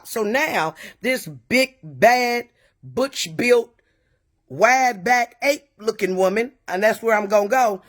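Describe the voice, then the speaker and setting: A woman's voice: on the high side, animated, slow. A woman tells her viewers a personal story in loose, colloquial speech. She is emphatic and indignant, and she swears now and then as she presses each point. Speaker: vlogger telling a personal story.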